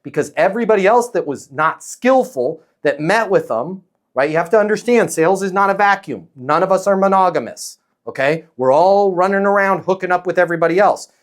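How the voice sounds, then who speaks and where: A high-pitched man running a lively sales coaching session. He talks bluntly and with energy, often slipping into acted-out phone calls and customer replies. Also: brisk. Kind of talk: live sales coaching talk.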